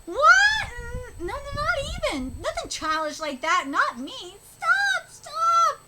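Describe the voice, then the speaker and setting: A woman's voice: very high-pitched, wildly swooping pitch, takes it slowly, shouting, pitched above the performer's own voice, heavily acted. A woman reading a manga aloud and voicing a flustered teenage boy who squeals his protests that he is not childish. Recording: noisy home recording.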